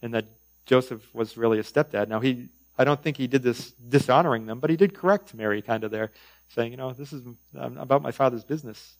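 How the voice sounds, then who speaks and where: A man preaching in a relaxed, conversational way, his voice at an ordinary middle pitch. He drifts between reading scripture and chatty asides, often pausing on "um" and "you know". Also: poor audio. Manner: conversational, with frequent fillers and asides. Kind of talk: sermon.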